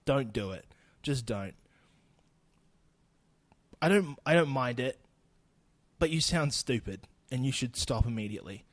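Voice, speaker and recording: A man's voice: medium pitch, animated, measured pace, long pauses, no echo. A young man with a New Zealand accent ranting bluntly and swearing freely on his solo podcast. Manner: blunt, sweary, laughing asides. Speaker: podcast host. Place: home recording in Austin.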